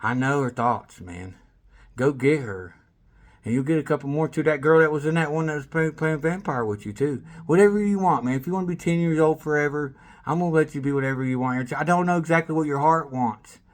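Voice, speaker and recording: A man talking in a rambling, casual monologue, swearing freely and breaking into laughter, swinging from loud excitement to low mumbles. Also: a little fast. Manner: rambling, with restarts and bursts of laughter. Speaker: vlogger.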